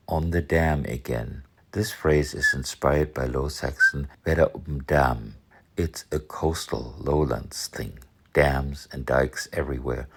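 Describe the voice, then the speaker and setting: A man from northern Germany with an extremely deep, gravelly voice and a husky edge. He talks slowly, in a dry, measured lesson tone, explaining words one by one. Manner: dry, measured, with example sentences read in German. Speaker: language educator.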